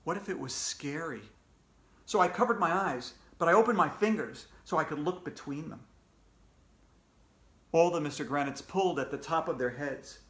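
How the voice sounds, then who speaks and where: A man with a fairly high voice reads a children's story aloud, playful and animated as he goes. The sound bounces around a roomy, echoey space. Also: moderate pace. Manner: animated, raises pitch for character voices. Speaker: children's author reading aloud. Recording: echoey room.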